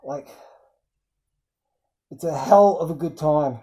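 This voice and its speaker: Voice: mid-range voice, slow, mellow, rough recording. A film reviewer recapping scenes in casual chat, rambling with frequent ums and acting out quoted lines in bursts.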